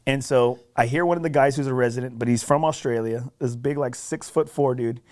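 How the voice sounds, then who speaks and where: With a mid-range voice and a brisk pace, this man spins a golf story on a podcast. He's casual, animated, and self-deprecating, frequently tossing in "right?" to check in.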